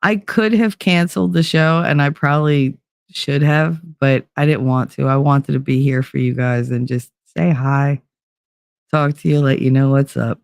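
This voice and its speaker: A woman's voice: rumbling low, steady tone, normal speed, gravelly, a little mellow, clean tone, dry recording, studio quality. A woman from New Jersey hosting a casual livestream, rambling and swearing as she reads chat, sleepless and frazzled. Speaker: livestream host.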